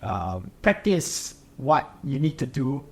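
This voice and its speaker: A man's voice: medium pitch, very animated, slow, husky. A young man from Singapore, a triathlete guest, chatting casually and hesitantly with many fillers and restarts. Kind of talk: casual interview chat.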